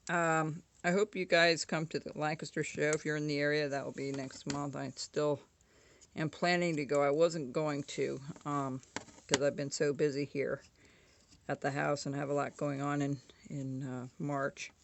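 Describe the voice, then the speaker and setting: A woman's voice: low voice, little pitch movement, moderate pace, slight background noise. A woman casually talking through a woodcarving tutorial at home, chatty and often correcting herself. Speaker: woodcarving instructor.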